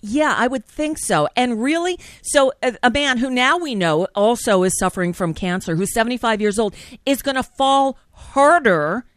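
A woman's voice: on the high side, lively intonation, normal speed, no room sound. Blunt woman host, dry close sound. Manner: blunt, emphatic, repeats words when starting sentences. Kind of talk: casual political chat.

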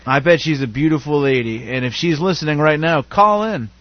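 A man's voice: a little high, brisk, lo-fi sound. A man co-hosting a comedy radio show, firing off playful wisecracks. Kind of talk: casual comedic radio banter.

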